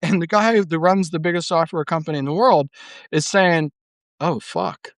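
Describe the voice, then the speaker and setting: A middle-aged podcast host rants through a casual monologue in a brisk, fairly high-pitched voice, recorded with no echo. He swears often and leans heavily on fillers.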